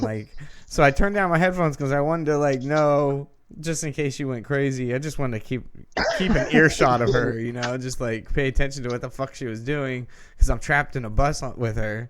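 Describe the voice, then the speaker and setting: A man's voice: medium pitch, fairly quick, hardly any pauses. A man co-hosting a podcast who tells a long story in a casual, rambling way, swearing often and restarting his sentences. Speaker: podcast co-host.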